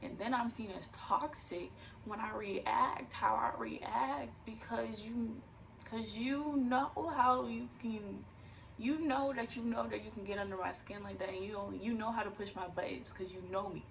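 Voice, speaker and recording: Young adult woman, vlogger voice, gravelly and tearful, loose candid rambling, recorded from a distance with faint noise behind. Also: a little high, fairly even intonation, normal speed, fairly bright tone. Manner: rambling, fillers, nervous laughter. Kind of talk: candid personal vlog.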